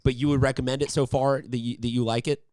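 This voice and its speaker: A man's voice: mid-range voice, little pitch movement, fast, darkish tone, dry recording, clean studio sound. A man hosting a sports interview, upbeat and chatty, rambling with restarts. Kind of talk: casual interview.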